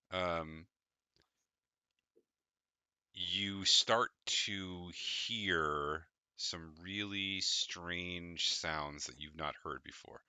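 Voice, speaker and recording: Low-voiced bright game master man. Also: clean tone, no echo. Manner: relaxed, loose narration with fillers. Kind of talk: narrating a tabletop game.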